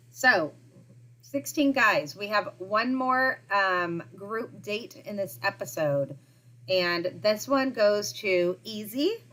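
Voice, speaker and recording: A woman's voice: medium pitch, a bit bright. Chatty woman co-host recapping a show. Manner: chatty, recapping with frequent "like" and laughs. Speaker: podcast co-host. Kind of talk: casual chat.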